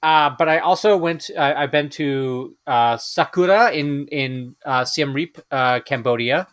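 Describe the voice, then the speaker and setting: A man co-hosting a podcast in casual chat, halting, with many filler pauses. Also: fairly high pitch, a bit bright, no echo. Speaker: podcast co-host.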